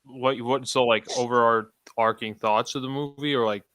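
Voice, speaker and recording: A man chats on a casual podcast, stammering and laughing often. His voice is bright and crisp. The sound is dry and close, with no room echo. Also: mid-range voice, fairly even intonation, normal speed. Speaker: podcast co-host.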